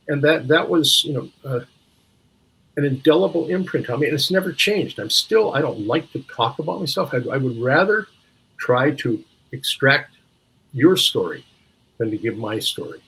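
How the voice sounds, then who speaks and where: An older man from Minneapolis guests on an interview show, his mid-range voice bright and forceful with a breathy edge, heard on a low-quality recording. He tells stories reflectively, searching for words and restarting frequently.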